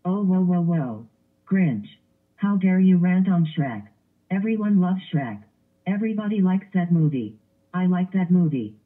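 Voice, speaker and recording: A man's voice: high-pitched, animated, unhurried. A male computer voice playing a strict guardian who scolds and repeats himself, over tinny lo-fi sound. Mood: scolding. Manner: scolding, repetitive.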